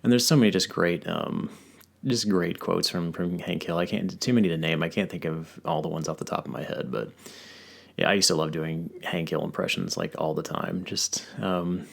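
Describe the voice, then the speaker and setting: A man with a very low, gravelly voice and a lot of vocal fry. He chats casually as a podcast host, rambling through stories and filling the gaps with fillers and restarts. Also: normal speed. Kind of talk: casual chat.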